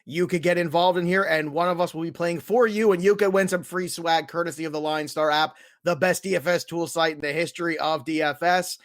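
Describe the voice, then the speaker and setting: A man's voice: fairly high pitch, fairly even intonation, a little fast, hardly any pauses, no room sound, studio quality. A man hosting a fantasy football podcast, chatting casually and hyping his picks. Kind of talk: casual sports talk.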